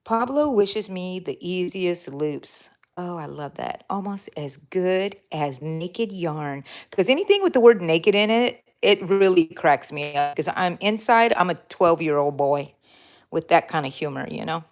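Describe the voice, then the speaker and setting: A woman's voice: lowish voice, expressive, measured pace. Chatty woman hosting a crochet livestream. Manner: chatty and warm toward viewers, rambling with fillers and self-corrections; talks while crocheting. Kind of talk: casual live-stream chat reading out viewer comments.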